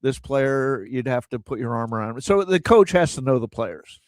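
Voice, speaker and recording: A man's voice: mid-range voice, expressive, moderate pace, no echo. A middle-aged man co-hosting a sports talk radio show, chatty and often repeating words as he finds his point.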